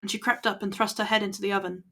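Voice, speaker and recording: A woman's voice: medium pitch, level tone, racing, pushed and bright. A woman reading old fairy tales aloud to her stream at an easy pace, with small slips. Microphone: laptop built-in mic.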